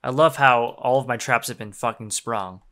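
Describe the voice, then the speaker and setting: A young male game streamer talks over his gameplay in a medium-pitched voice at a moderate pace. His commentary is casual and profane, full of laughter and moments where he gets heated.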